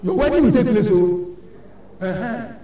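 Preaching a sermon exhortation, an older woman who is a church elder with a Nigerian accent repeats herself and scolds with emphasis. Her expressive, mellow voice sits on the high side at normal speed, captured distantly in an echoey large church hall.

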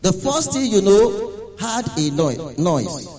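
A man's voice: high voice, very animated, slow, a little mellow, big-room sound, poor audio. A man preaching a dramatic sermon, sometimes drifting into a sung chant.

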